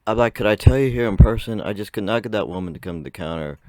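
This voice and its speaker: A man's voice: on the low side, quick pace, warm tone, no room sound. A young man whose voice still cracks, telling a rambling story to camera with frequent laughs. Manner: chatty, rambling, laughs often. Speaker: vlogger.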